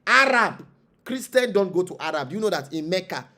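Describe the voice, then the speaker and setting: A traditional spiritual leader with a Nigerian accent speaks at normal speed in a high, sing-song voice that is bright and forceful. Appearing as an interview guest, he delivers an impassioned monologue, preaching with rhetorical questions and repeated phrases.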